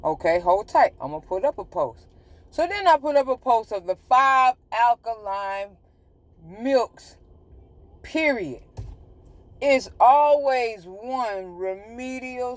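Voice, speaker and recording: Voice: mid-range voice, expressive. Profane, ranting livestream host. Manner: profane, mocking, exasperated ranting; drawn-out, emphatic repetition. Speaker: livestream host giving health advice. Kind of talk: casual ranting livestream talk. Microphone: phone mic on a social media live stream.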